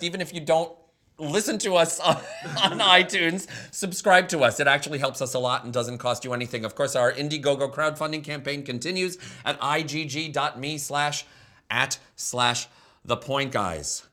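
A man's voice: on the high side, moderate pace. A man hosting a casual podcast panel, telling stories animatedly and acting out quotes. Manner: animated storyteller, acts out quotes. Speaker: podcast host.

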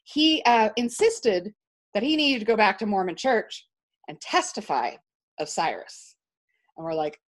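A woman telling a personal story as an interview guest, animated and emphatic, with frequent restarts. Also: medium pitch, a little slow. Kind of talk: storytelling in conversation.

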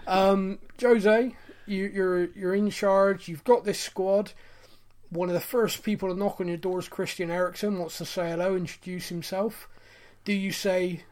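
A man's voice: sits high, unhurried. West country guy cohosting a podcast, jokey and chatty. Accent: West Country English. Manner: chatty, jokey, animated storytelling. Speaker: podcast co-host. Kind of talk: casual chat.

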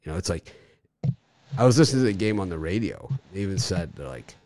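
A man hosting a sports betting show, chatting casually about baseball picks and telling stories with animated bursts that trail off low. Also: fast talker, gravelly, dry recording.

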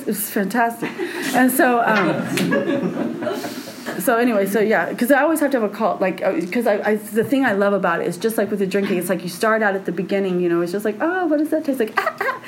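A woman's voice: mid-range voice, quick pace, background noise. A woman telling a personal story in a frank, meandering way with frequent laughter.

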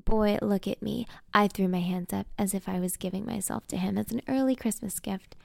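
A young adult woman narrates a first-person audio drama with a sassy, spoiled edge. Her voice has a gravelly texture, and the recording sounds dry and close. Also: medium pitch, steady tone, fairly quick, hardly any pauses, darkish tone, no room sound. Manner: sassy, spoiled-brat attitude in dialogue.

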